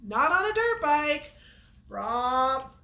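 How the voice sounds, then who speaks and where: A woman's voice: sits high, sing-song, extremely slow, pushed and bright, echoey room. A woman hosting a weekly show, telling a story to viewers in a chatty way and laughing often. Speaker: host of a weekly off-road show.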